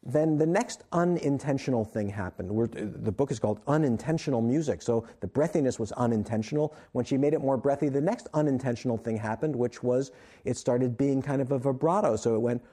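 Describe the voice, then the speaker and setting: A man's voice: medium pitch, fairly quick, slightly rough. A man, an author and guest on an interview show, telling a story at length and acting out the quoted lines. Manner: animated storyteller, acts out quotes.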